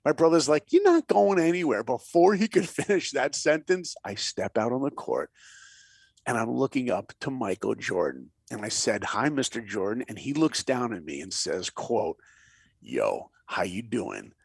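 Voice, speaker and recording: A man spins animated stories as an interview guest, his voice gravelly and swinging widely in pitch. He acts out the people in his anecdotes and sometimes drops to a whisper to drive a point home. The sound is dry and close. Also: normal speed, no room sound. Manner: lively storyteller, acts out quotes, drops to a whisper for emphasis. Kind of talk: animated storytelling in a podcast interview.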